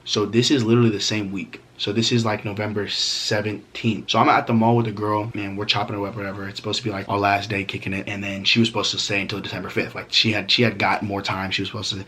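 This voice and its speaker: A man's voice: on the low side, flat delivery, fast, hardly any pauses, pushed and bright, breathy edge. A young man vlogging a storytime, talking casually with heavy slang, swearing and fillers.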